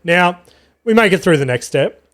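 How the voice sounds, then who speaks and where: A young Australian man hosting a podcast, telling an animated, profane, self-mocking story from home. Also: high-pitched, normal speed, no echo, clean studio sound. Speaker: podcast host. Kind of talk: casual storytelling chat. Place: home room with a cat.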